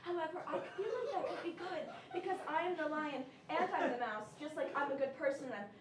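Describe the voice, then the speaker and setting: A woman's voice: high voice, fast, echoey room, far from the mic, noisy background, natural voice. A woman playing an unhinged bank robber who holds hostages to rehearse a puppet show, lurching between bossy threats and needy politeness in a live stage comedy. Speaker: comedian in a solo character show. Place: theatre stage with a laughing audience.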